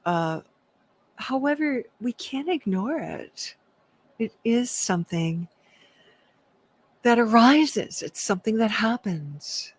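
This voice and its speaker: A woman's voice: fairly high pitch, expressive, takes it slowly, pauses often, slightly rough. A woman leading a prerecorded spiritual workshop talk, reflective and self-deprecating, laughing often. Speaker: workshop leader.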